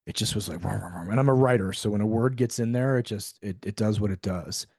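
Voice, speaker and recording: A middle-aged man, a podcast guest, telling a story in a lively way, acting out the quoted dialogue and swearing freely. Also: lowish voice, fast talker, no echo, studio quality. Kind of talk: storytelling in a conversational interview.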